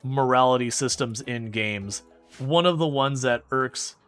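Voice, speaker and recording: A man streaming a game and chatting with viewers in a rambling, animated way, often restarting his sentences. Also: mid-range voice, measured pace, soft background music. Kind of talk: casual gameplay commentary answering chat.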